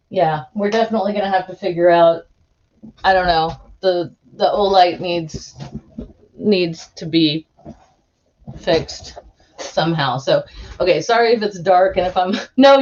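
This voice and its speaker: A woman's voice: medium pitch, a little mellow, muffled recording. A woman hosting a live stream, chatting casually in a giggly, rambling way with lots of restarts.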